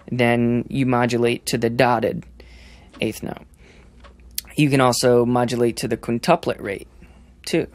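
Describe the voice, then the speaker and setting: A man's voice: medium pitch, creaky. A young man, a drummer on a podcast, explaining rhythm ideas, singing the beats aloud and restarting his sentences often. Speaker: drummer guest.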